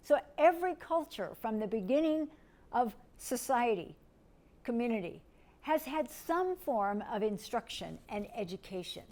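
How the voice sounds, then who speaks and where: Gentle woman giving a lecture. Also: fairly high pitch, very animated, unhurried. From United States. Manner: gentle, explaining step by step with questions. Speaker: teacher. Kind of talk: recorded lecture.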